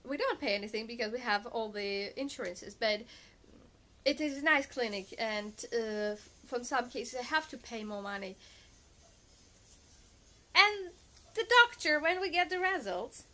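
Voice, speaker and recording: A woman vlogger telling a story in halting non-native English, animated and indignant with lots of emphasis. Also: fairly high pitch. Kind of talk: casual storytelling to camera.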